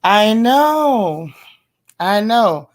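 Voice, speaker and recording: Hoarse woman hosting a chatty livestream. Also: medium pitch, big pitch swings, very slow. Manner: chatty, reads viewer comments aloud; affectionate, teasing. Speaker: livestream host. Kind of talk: casual live-stream chat.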